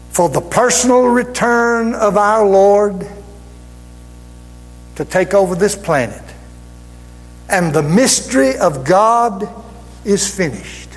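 Male preacher, high and animated, slow and emphatic, fervent shouting sermon; reverberant sanctuary, faint music behind. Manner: fervent, rising to shouts, drawn-out emphatic words. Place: church sanctuary. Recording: reverberant church hall with music.

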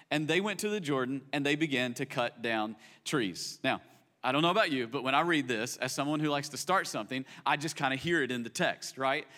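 A man preaching as a pastor, animated and acting out the people in the story, sometimes dropping to a soft, reflective tone. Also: high-pitched. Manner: drops to soft, quiet tones when reflective. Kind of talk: sermon.

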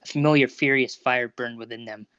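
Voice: medium pitch, fairly even intonation, brisk, fairly bright tone, clear, resonant tone, no echo. Dull lo-fi fan fiction narrator. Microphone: Discord voice call recording. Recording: dull lo-fi Discord audio.

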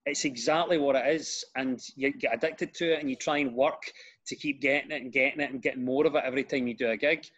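A middle-aged man with a Glaswegian accent, telling stories in a casual chat as a comedian guest, self-deprecating and quick to laugh. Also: medium pitch, fairly even intonation, a bit bright, slightly rough, muffled recording. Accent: Scottish, Glaswegian.

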